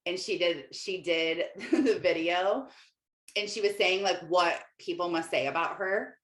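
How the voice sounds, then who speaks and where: A middle-aged woman, a Christian life coach hosting a podcast, speaks in a lowish, unhurried voice with a fairly bright tone. Her casual confessional monologue is chatty and rambling, packed with fillers and quotes of her own past words. The room gives off a noticeable echo.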